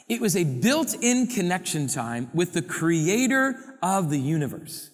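A man preaching a sermon to a congregation, animated and playful, firing off rhetorical questions. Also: high-pitched, unhurried, few pauses, in a large hall. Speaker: pastor.

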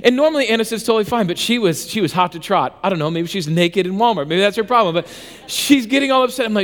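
A high-voiced male pastor speaks quickly in a reverberant hall, giving a sermon built around a comic personal story. He mocks himself, staying animated and conversational with frequent restarts.

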